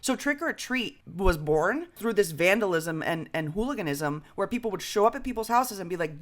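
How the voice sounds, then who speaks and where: A woman's voice: mid-range voice, brisk, few pauses. A young woman co-hosting a podcast, chatting casually and telling stories with jokes and swearing. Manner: animated, swearing, jokey storytelling. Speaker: podcast co-host. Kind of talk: casual chat.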